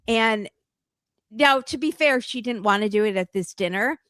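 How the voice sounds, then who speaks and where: A woman hosting a podcast, recapping a reality show in casual chat with quick sarcastic asides. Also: a little high, fairly bright tone, no room sound. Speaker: podcast host.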